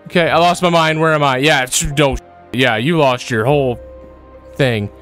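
A man's voice: mid-range voice, normal speed, a bit bright, faint music behind. A man commenting as he plays a horror game, jittery and repeating himself, breaking into frightened yelps. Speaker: gaming video creator.

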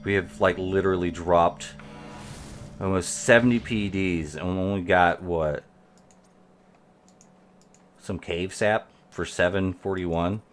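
A man's voice: low voice, fairly even intonation, slow pace, pauses often, a little hiss or hum. A man giving rambling live gameplay commentary as a streamer, talking to his viewers while he plays. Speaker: game streamer.

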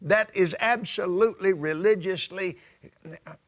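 An older man preaching a sermon, emphatic and drawing out scripture quotes slowly. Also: on the high side, big pitch swings, fairly bright tone. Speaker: televangelist preacher. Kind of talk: sermon-style teaching.

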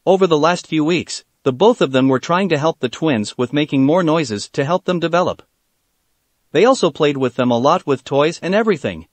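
A man narrating fan fiction aloud in a steady reading voice with occasional stumbles. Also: a little high, normal speed, dry recording.

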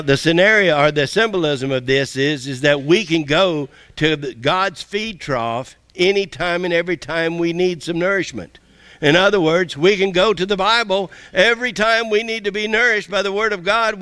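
A pastor giving a sermon, reading verses aloud and explaining them in plain, earnest words. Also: male voice, a bit bright, dry recording. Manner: plain-spoken, rising in pitch as he preaches, with restarts.

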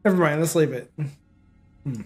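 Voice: mid-range voice, moderate pace, faint music behind. A gaming YouTuber reading every character's lines aloud in a nearly plain voice. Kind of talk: reading game dialogue aloud.

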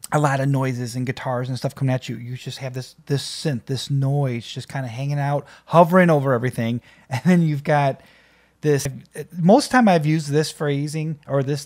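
A man's voice: medium pitch, a little mellow. A man hosting a music reaction video, talking casually and enthusiastically with many fillers and restarts.

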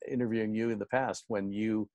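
A man's voice: on the low side, little pitch movement, a little fast, darkish tone, dry recording, lo-fi sound. A man hosting an interview over a video call, asking long, enthusiastic, rambling questions. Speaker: show host.

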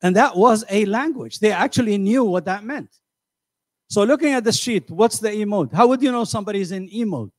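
An older man giving a motivational seminar, animated and conversational, asking the audience questions and acting out voices. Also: high voice, fairly quick, no echo, clean studio sound. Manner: animated, acts out quoted voices. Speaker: seminar speaker. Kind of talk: motivational lecture. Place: community center hall.

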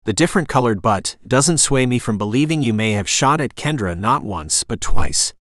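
Man reading a calm, commanding ex-SEAL. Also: mid-range voice, normal speed, no echo, studio quality, lightly acted. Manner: calm, clipped orders. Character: tough retired male navy SEAL, calm, commanding.

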